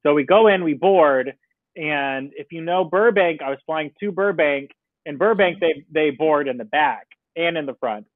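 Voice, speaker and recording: High-voiced man telling an animated story. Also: normal speed, no echo. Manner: animated, laughs often, acts out quotes. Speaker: podcast guest. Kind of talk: casual anecdote telling. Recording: tinny phone-like line, dry.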